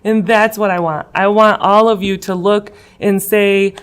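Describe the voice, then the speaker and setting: A woman's voice: mid-range voice, little pitch movement, measured pace, clean tone. A woman in her thirties, from Illinois, answering interview questions in an earnest, emotional way with many fillers. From West Chicago, Illinois. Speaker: guest, political candidate. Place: school room.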